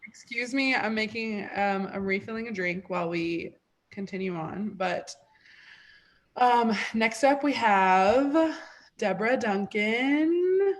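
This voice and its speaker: A woman co-hosting over a video call from home, relaxed and laid-back. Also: medium pitch, slow. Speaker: co-host. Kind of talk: casual chat on a video call.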